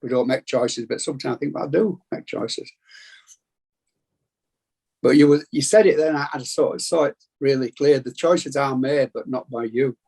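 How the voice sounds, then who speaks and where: Gravelly Yorkshire man, earnest. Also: mid-range voice, steady tone, a little fast, few pauses, darkish tone. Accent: Yorkshire, Bradford. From England. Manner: earnest, reflective, rambling. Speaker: meeting participant. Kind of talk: casual sharing.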